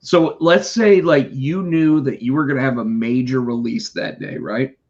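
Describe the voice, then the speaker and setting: A man telling a work story in casual chat, animated and profane, putting on voices for the callers. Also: medium pitch, moderate pace. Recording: dull lo-fi sound.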